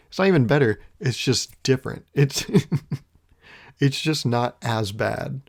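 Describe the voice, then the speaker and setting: A man's voice: medium pitch, measured pace, gravelly, a little mellow. A man hosting his own podcast, musing in a wry, rambling way, swearing casually and chuckling often. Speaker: podcast host. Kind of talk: casual solo podcast monologue.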